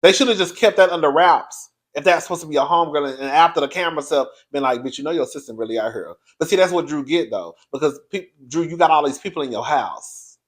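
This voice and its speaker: A man hosting his own video show, giving a blunt, profane, animated commentary straight to his viewers. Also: on the high side, fast, hardly any pauses. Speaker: online show host reviewing reality TV.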